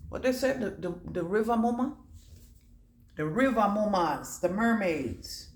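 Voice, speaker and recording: A woman giving a channelled oracle card reading. She rambles and repeats words in chanting bursts, swinging between low murmurs and loud declarations. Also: lively intonation, unhurried. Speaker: psychic oracle card reader. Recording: echoey room.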